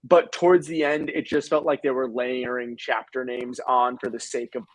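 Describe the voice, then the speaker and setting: Man, young adult, film review co-host, casual chat, animated, dry close sound. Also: mid-range voice, normal speed, no echo, rough recording. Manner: animated, swears casually, acts out scenes.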